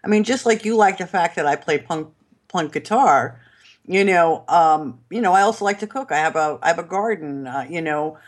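A woman's voice: fairly low pitch, expressive, moderate pace. A woman with a New York accent, a guest on a podcast, talking in a chatty, rambling way with many fillers and restarts and laughing as she goes. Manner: enthusiastic, laughs while talking. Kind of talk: casual interview chat.

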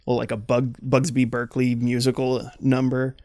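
Gravelly man riffing in deadpan banter. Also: medium pitch, normal speed, no echo, studio quality. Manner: rambling, playful, deadpan riffing. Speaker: comedy podcast co-host. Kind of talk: improvised comedy banter.

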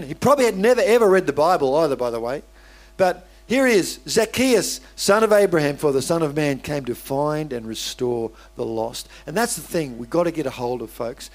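An Australian pastor delivers a sermon in a relaxed, conversational manner. His voice sits a little higher than most men's. He often restarts his sentences and breaks off into asides to the congregation.

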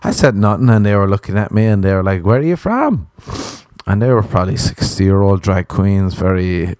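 A low-voiced Irish man spins a comic story in a sardonic, deadpan way, with plenty of swearing. The sound is dry and close. He talks like a comedian chatting casually. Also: a little fast, clean tone, no room sound. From Ireland. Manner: sardonic, profane, deadpan understatement.

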